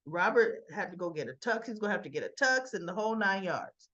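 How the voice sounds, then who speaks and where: A woman chattily retelling a soap opera episode, animated, with frequent asides. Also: medium pitch, brisk, highs cut off. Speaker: soap opera recap vlogger. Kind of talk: casual recap of a TV episode.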